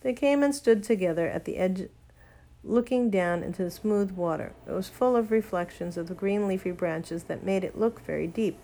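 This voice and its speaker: Female narrator for a children's story, gentle and measured. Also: medium pitch. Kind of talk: storybook reading.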